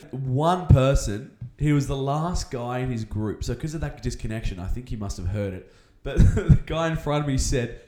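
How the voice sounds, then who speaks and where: A young Australian man tells a rambling, jokey story with his pitch climbing and dipping all the way through. His voice bounces around an echoey room. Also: expressive, normal speed, hardly any pauses, dark tone. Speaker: podcast co-host. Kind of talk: casual chat, storytelling.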